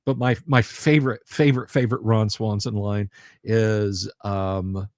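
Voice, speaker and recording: A man's voice: fairly low pitch, fairly even intonation, a little slow, a little mellow, no echo, studio quality. A man hosting a tabletop gaming livestream in rambling, jokey casual chat, laughing often. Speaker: livestream host.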